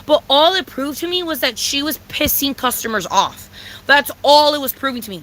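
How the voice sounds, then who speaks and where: Woman, storytime rant, bright tense tone, higher pitch, blunt, profane, repetitive. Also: moderate pace, poor audio. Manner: animated, with sudden loud outbursts. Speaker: vlogger telling a story.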